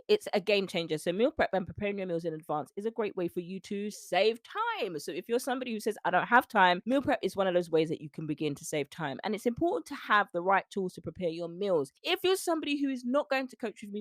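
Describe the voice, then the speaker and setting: British woman, podcast host, low voice, direct and preachy, dry close sound. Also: dry recording. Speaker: nutrition coach and podcast host. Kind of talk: solo podcast talk.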